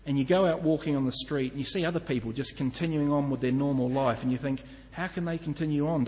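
Male pastor, earnest and measured sermon delivery, muffled sound in a reverberant church hall. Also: on the high side. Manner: earnest, measured preaching with slow emphatic lists.

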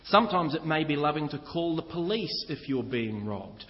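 A man's voice: on the high side, very animated, normal speed. A man preaching a sermon, earnestly teaching and speaking directly to his listeners. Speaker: pastor. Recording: echoey hall, slightly dull sound.

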